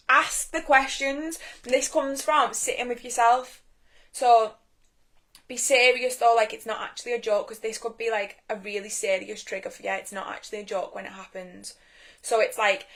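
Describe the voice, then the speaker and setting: A woman's voice: fairly high pitch, moderate pace, fairly bright tone. A young woman giving a casual live-stream talk on inner healing from her phone, chatty and straight-talking, swearing freely.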